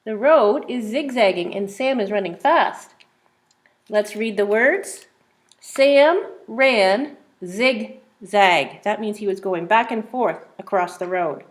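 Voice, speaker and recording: A woman's voice: medium pitch, measured pace. A woman teacher reading a simple phonics book aloud to young children, sounding out words and asking questions.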